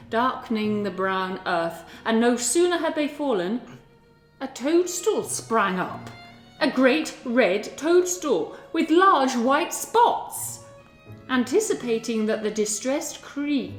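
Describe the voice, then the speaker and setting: Slow, expressive woman reading a storybook. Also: high-pitched. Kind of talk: storybook read-aloud. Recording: echoey room with music behind.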